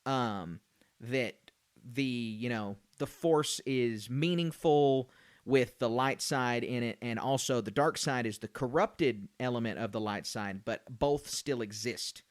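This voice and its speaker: A man's voice: medium pitch, slow, dry recording. A young man co-hosting a casual podcast review chat, rambling with frequent fillers and restarts. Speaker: podcast co-host.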